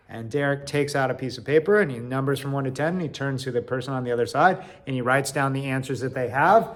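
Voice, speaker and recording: A man telling a personal story in an animated way, swinging from loud to quiet. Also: mid-range voice, fast, hardly any pauses.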